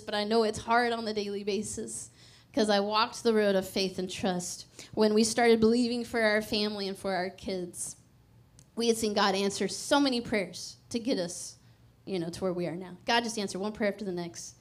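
A woman in her thirties preaches a sermon in a slightly high voice. She tells her story with feeling, rising to loud exclamations, dropping to near-whispers, and laughing between lines. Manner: animated storytelling, swings from loud exclamations to hushed confessions; laughs often through her words.

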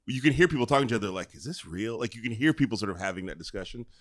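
A man talking as a podcast guest, an animated storyteller who acts out other people's lines. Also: medium pitch, very fast. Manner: animated storyteller acting out quotes. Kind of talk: casual podcast chat.

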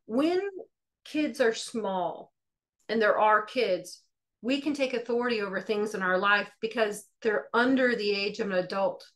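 A woman's voice: mid-range voice, unhurried. A middle-aged woman teaching and sharing a personal testimony, telling it conversationally and acting out the dialogue. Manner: lively storyteller acting out dialogue; conversational, with fillers and restarts. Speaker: Christian teacher.

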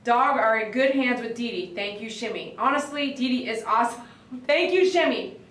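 A woman dog groomer chatting on a livestream, reading viewer comments and telling stories in an animated, excitable way that breaks into shouts. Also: a little high, normal speed, far from the mic. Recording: echoey room, voice away from the mic.

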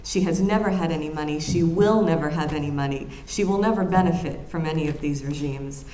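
A woman from the United States with a low, mellow voice gives an academic lecture in an earnest, reflective way. She thinks aloud, pausing to restart her phrases, and her voice fills a roomy lecture hall with a faint hum of ambience behind it.

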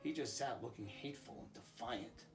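A man, a school principal, reading a picture book aloud to children in a calm, expressive storytelling voice. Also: mid-range voice, normal speed, gravelly, music in the background.

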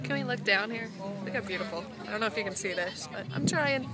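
A woman's voice: mid-range voice, quick pace, over loud music. A woman chatting casually and giggling as she films a travel vlog outdoors and in transit. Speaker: vlogger. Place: outdoors and in transit, plane, car, boat. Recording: loud wind and engine noise.

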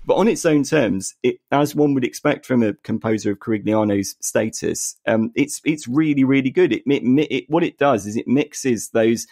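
A man co-hosting a podcast, chatting about film music in an animated way and often restarting his sentences. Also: lowish voice, no echo. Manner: animated, frequent restarts and repeated words. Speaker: podcast co-host. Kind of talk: casual film music discussion.

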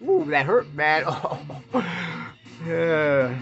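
A man's voice: high-pitched, animated, moderate pace, pauses often, pushed and bright, lo-fi sound, faint music behind. A man hosting a podcast, ranting bluntly and profanely in casual talk while opening baseball cards, chuckling often. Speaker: podcast host.

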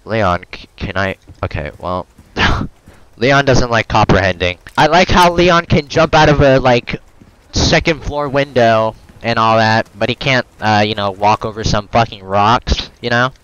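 A man's voice: mid-range voice, measured pace, fairly bright tone, clean tone, dull audio. A man commentating his horror game playthrough, swearing and joking at the screen, yelping when something jumps out. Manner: profane, jokey, reactive, yelps when startled. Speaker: gamer.

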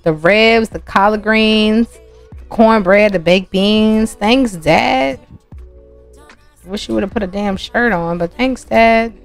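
A woman's voice: medium pitch, slow pace. A woman hosting a gaming channel, chatting casually and laughing as she narrates gameplay to her viewers. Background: soft music.

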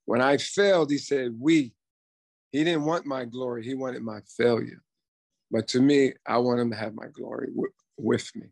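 A man in his fifties with a gravelly, rough-edged voice tells his stories in a relaxed podcast conversation, slipping into the voices of the people he quotes. The sound is dry and close, with no room around it. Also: mid-range voice, normal speed, no echo. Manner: storytelling, quotes himself and others in dialogue. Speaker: guest, former ballplayer and coach. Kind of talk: casual podcast chat.

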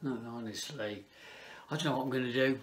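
A man's voice: mid-range voice, brisk. A man, working as a children's entertainer, chatting playfully to kids and a puppet. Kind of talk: children's party entertainer talk.

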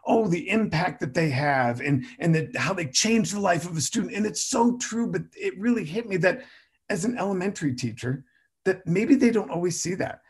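A man's voice: sits high, normal speed, husky. A middle-aged man who speaks about music education, telling a story in a jokey way and acting out the quotes. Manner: animated, jokey, acts out quotes. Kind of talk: storytelling talk.

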